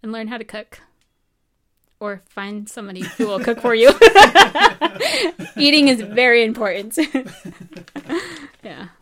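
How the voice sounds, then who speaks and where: Animated woman telling lively stories. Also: a little high, brisk. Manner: animated storyteller acting out quoted dialogue. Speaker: medical student. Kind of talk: casual chat.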